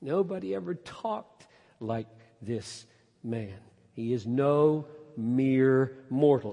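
A man preaching an expository sermon, emphatic, climbing to loud peaks and then dropping low. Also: lively intonation, slow, creaky. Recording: long hall reverb.

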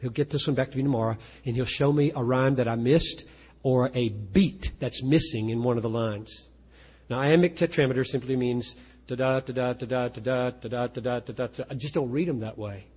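A man's voice: medium pitch, brisk, a little mellow, breathy edge. A man, a pastor, talking earnestly and self-deprecatingly about writing poetry, often restarting his sentences. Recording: long reverb of a large hall.

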